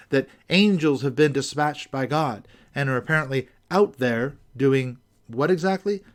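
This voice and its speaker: A man hosting a podcast, reading scripted commentary with wry, skeptical asides. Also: a little high. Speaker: podcast host.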